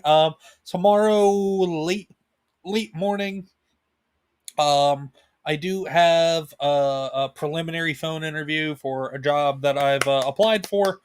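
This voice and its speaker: A man co-hosting a casual livestream chat with his wife, talking in a laid-back, rambling way with fillers and laughs. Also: fairly high pitch. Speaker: co-host. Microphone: home desk mic, video call.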